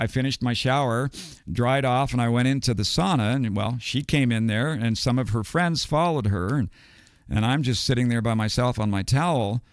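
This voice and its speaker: A man's voice: mid-range voice, clear, resonant tone, no echo, clean studio sound. An older man from the United States, a podcast guest telling a long story in a rambling, digressive way and chuckling between details. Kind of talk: casual storytelling.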